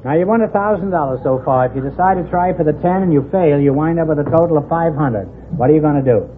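A man's voice: fairly high pitch, fast. A man hosting a 1950s radio quiz show, wisecracking and teasing the contestants. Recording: tinny old radio broadcast with hiss.

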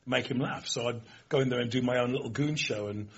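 A man's voice: mid-range voice, fast talker, slightly rough, muffled recording. A man hosting a chat show, asking jokey, chummy questions of his guest. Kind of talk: casual chat show interview.

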